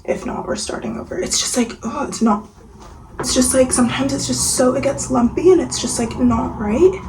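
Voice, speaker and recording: Soft-spoken young woman, chatty vlog. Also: high-pitched, moderate pace, background noise. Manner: chatty, rambling, full of "like" fillers; soft, sometimes half-whispered. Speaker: vlogger. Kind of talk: casual vlog chat. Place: home, kitchen and getting ready. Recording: audible room ambience behind the voice.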